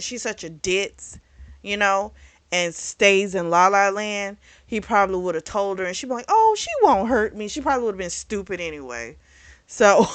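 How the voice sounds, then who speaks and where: A woman reviewing a book in casual chat, retelling the plot in a chatty, animated way. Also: medium pitch, clear, resonant tone, dry recording. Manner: chatty, animated retelling with acted quotes and laughs.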